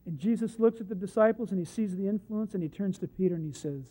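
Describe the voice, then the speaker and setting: A male preacher giving a sermon, emphatic, swinging from hushed asides to loud points and acting out the scripture stories he tells. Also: high voice, quick pace, few pauses. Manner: acts out the Bible quotes he tells. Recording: muffled lo-fi recording.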